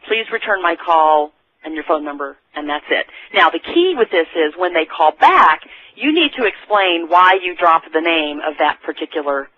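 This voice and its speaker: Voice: mid-range voice, no room sound. Chatty sales trainer on a dull, dry recording. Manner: conversational, with frequent restarts.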